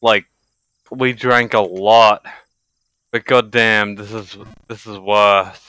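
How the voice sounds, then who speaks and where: A young man streaming a game live, tipsy from drinking, exasperated and swearing with loud outbursts. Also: fairly low pitch, steady tone, takes it slowly, smooth, no room sound.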